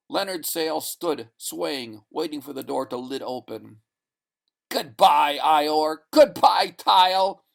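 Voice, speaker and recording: A man reading a short story aloud in a deliberate, expressive narration. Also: medium pitch, gravelly. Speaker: reader. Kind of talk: audiobook narration.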